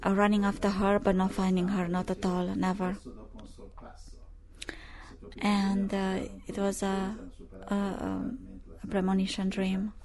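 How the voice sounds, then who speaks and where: A woman preaching, recounting news in a halting, filler-heavy way, rising to forceful preaching. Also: medium pitch, monotone. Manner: halting, many fillers and restarts; grows loud and forceful when preaching. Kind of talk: sermon reading news and prophecy.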